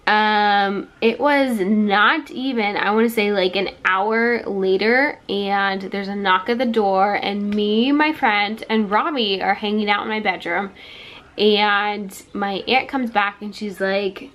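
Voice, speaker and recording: A woman talks to her viewers in a casual storytime vlog. Her retelling is chatty and quick. She slips into other people's quoted words as she goes. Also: medium pitch, steady tone, fairly bright tone. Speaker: vlogger.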